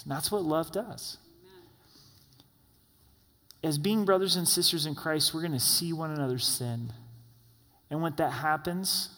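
A man's voice: on the high side, a bit bright. Chatty preacher man in a reverberant hall. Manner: conversational preaching with rhetorical questions. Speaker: pastor. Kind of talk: sermon.

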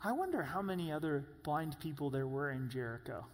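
A man preaching with a high, light voice, which rings out in the long reverb of a large hall. He climbs into loud, strained cries whenever he voices pleas. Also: expressive, a little fast, a little hiss or hum. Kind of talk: sermon.

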